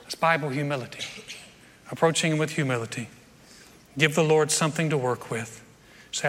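A pastor delivers a sermon to his congregation during a church service, speaking earnestly and emphatically and often repeating his phrases. His voice is a little high and a bit bright, with a steady tone and moderate pace broken by frequent pauses. The recording carries the long reverb of a large hall and slight background noise.

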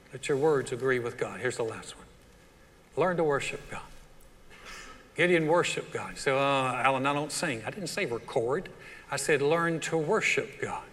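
Bright-voiced preacher in a reverberant hall. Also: male voice, mid-range voice, a little hiss or hum. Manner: animated preaching that acts out quoted voices of the congregation. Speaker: pastor. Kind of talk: sermon. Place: large church hall.

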